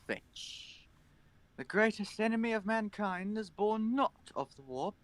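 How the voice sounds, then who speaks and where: Grim male imperial commander, solemn and measured, as a man reads him out. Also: fairly high pitch, fairly bright tone, pitched above the performer's own voice. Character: stern grim male imperial leader plotting war.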